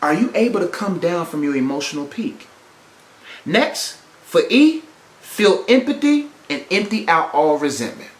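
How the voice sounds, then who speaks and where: A man's voice: a little high, big pitch swings, measured pace, echoey room. A man hosting a podcast, giving emphatic, repetitive relationship advice in a preacher-like way. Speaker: podcast host. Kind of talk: preachy motivational relationship talk.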